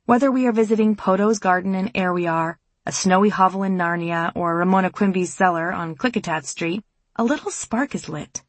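A mother narrating an audiobook in a measured, reflective reading voice. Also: lowish voice, no echo.

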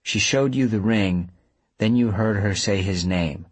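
A man's voice: lowish voice, a little slow, breathy edge, no room sound. A man voicing an earnest young woman who senses a ghost, hopeful and urgent.

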